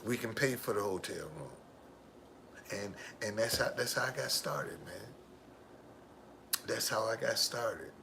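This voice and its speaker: A man recounts his personal story in an emphatic monologue and circles back to his key phrases. His delivery is unhurried, and his tone is bright and forceful. A faint hum sits behind him. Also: on the low side, vocal fry. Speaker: driver.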